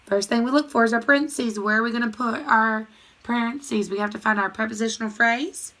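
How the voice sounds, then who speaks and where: Bright-voiced woman teacher drilling grammar. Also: fairly high pitch, steady tone, a little fast. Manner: rhythmic call-and-response drilling. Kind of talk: recorded grammar lesson.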